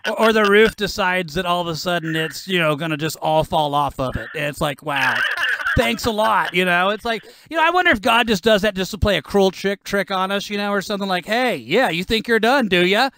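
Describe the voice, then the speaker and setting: A man's voice: sits high, brisk, bright, forceful tone, slight background noise. A man hosting a rock radio show, talking with casual enthusiasm and a lot of "freaking.".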